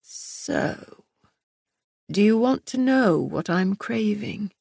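A woman reading an audiobook and voicing a tender, teasing male lover in a low, hushed, gruff tone. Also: animated, drawn-out words, no echo, clean studio sound, exaggerated voice. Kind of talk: audiobook narration.

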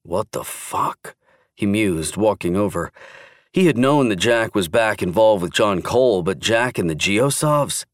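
A man narrating a thriller audiobook in a steady, even storytelling manner. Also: on the low side, a little slow, no room sound, clean studio sound. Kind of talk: scripted narration.

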